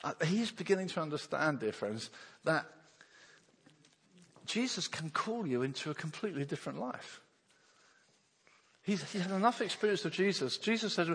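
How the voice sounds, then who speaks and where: A man preaches with an animated, swooping delivery, his voice a touch husky. He slips into the voices of the people in his Bible story and chuckles often. The sound carries a long reverb from a church hall. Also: a little high, moderate pace, long pauses. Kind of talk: sermon.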